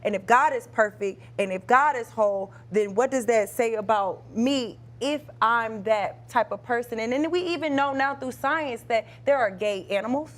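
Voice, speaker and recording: A young woman co-hosts a talk show in a fairly high voice. She speaks in an earnest, reflective way as she tells her story. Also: moderate pace, few pauses, fairly bright tone. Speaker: co-host.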